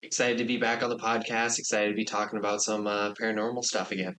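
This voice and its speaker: Young male co-host, relaxed and self-deprecating, casual chat. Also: fairly low pitch, fast talker, slight background noise. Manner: easygoing, self-deprecating, nervous about spooky topics. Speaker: podcast co-host.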